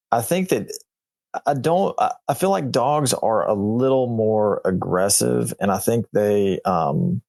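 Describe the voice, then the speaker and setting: A man, a veterinarian guest on a radio show, explaining conditions in a relaxed, plain way. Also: lowish voice, gravelly, dry recording. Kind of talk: casual explanatory chat.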